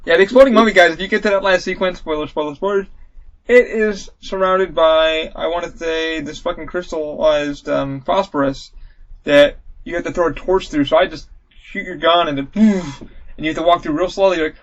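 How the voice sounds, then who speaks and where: A man hosting a casual podcast about video games, telling animated stories full of swearing and loud acted-out yelps. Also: on the high side, fairly quick. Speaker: podcast host. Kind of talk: casual gaming chat. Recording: lo-fi dull audio.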